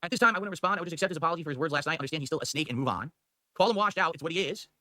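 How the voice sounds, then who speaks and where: A man streaming, reading viewer comments aloud with animated, theatrical emphasis. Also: on the high side, rapid-fire, no room sound.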